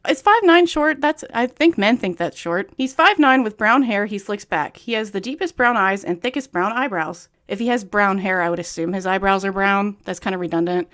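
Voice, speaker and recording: A woman's voice: mid-range voice, normal speed, hardly any pauses, a bit bright. A young woman reading a book aloud and breaking in with sarcastic, nitpicky commentary in a casual tone.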